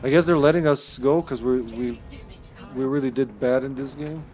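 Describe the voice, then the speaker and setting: A man commenting on his own online game as he plays, swearing often and sometimes shouting at the screen. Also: mid-range voice, normal speed, soft background music. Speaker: streamer. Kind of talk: live gameplay commentary.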